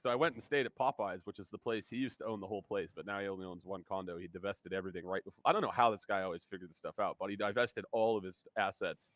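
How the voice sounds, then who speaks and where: A man's voice: low-pitched, fairly even intonation, rapid-fire, hardly any pauses, a bit bright, no echo. A man hosting a podcast, telling stories in a loose, laughing chat and swearing freely. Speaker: podcast host. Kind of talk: casual chat.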